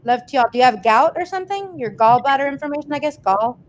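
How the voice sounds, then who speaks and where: A chatty woman with a high voice hosts a casual livestream. She reads viewer comments aloud and answers them in a loose, laughing way. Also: expressive, quick pace, a little hiss or hum. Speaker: host reading viewer questions.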